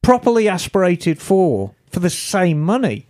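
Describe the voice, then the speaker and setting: A woman's voice: lowish voice, sing-song, a little slow, darkish tone. A woman co-hosting a podcast in easygoing casual chat, reading out listener emails and swearing now and then. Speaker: podcast co-host.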